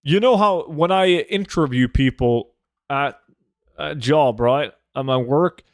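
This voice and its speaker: Speaking slowly in a voice on the high side, this man reacts to his live-stream chat, joking, relaxed and swearing a lot. He uses a desk microphone, and the recording is dry and studio quality.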